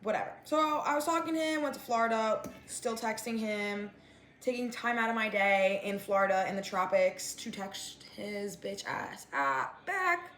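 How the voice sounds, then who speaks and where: A woman's voice: mid-range voice, expressive, normal speed, fairly bright tone, reverberant, a little hiss or hum. A woman in her twenties telling a storytime rant, with lots of "like" and "whatever", while she eats. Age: 20s. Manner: chatty, fillers of like and whatever; eating while talking. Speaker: vlogger.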